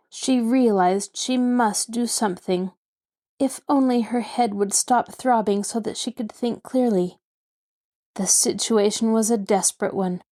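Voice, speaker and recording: A woman reading a mystery novel aloud as its host. Her narration is steady and dramatic. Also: mid-range voice. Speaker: host and reader. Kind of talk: audiobook narration.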